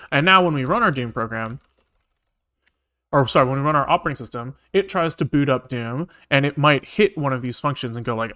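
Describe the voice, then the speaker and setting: Man, middle pitch, casual live-coding explanation, thinking aloud, chatty, lots of filler words. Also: pushed and bright. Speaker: programmer streaming his coding work.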